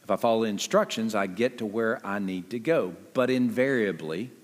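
A man preaching a sermon as pastor, talking conversationally with lively jumps in pitch and quick asides. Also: big-room sound.

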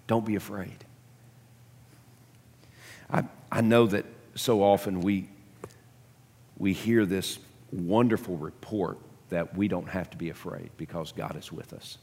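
Deep-voiced preacher in a reverberant church. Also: male voice, fairly even intonation, unhurried, vocal fry, pauses often, a little mellow, husky. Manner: emphatic, repeats words as he builds. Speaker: pastor. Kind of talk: sermon. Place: church sanctuary.

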